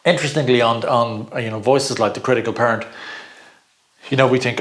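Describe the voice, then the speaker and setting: A middle-aged man talking through a personal growth lesson in a loose, chatty way. He laughs often and doubles back on words while finding his thought, and his voice sits at an ordinary middle pitch. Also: fairly even intonation, fairly quick, a bit bright. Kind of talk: informal teaching talk.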